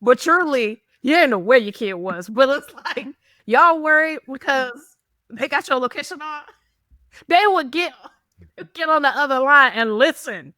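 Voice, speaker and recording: A woman co-hosting a podcast in casual, animated chat, laughing often and acting out the texts she quotes. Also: high voice, moderate pace, no echo, clean studio sound. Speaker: podcast co-host.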